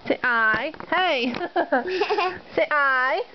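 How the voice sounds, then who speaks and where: Woman, high voice, slow sing-song baby talk, muffled home camcorder audio, noisy background. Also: expressive. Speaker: parent filming a toddler. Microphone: handheld camcorder.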